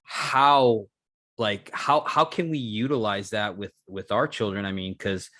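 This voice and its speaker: A man's voice: fairly low pitch, steady tone, a little slow, sharp tone, dry recording, studio quality. A man hosting a podcast, affirming his guest, laughing along and leaning on fillers like "you know what I mean". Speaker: podcast host. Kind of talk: casual interview chat.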